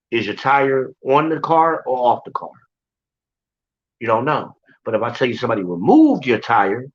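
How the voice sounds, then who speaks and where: A man's voice: lowish voice, fairly bright tone. A man teaching from scripture in an informal, emphatic way, repeating his points and talking straight to his listeners. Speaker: Bible teacher. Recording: dull lo-fi recording.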